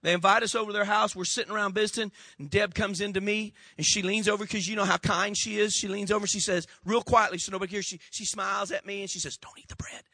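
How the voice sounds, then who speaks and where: A pastor delivers a sermon in a folksy, storytelling manner, repeatedly calling on the congregation to respond. His high voice is bright and sharp, his delivery flat and fast with few pauses. The sound is close and dry, with no room echo.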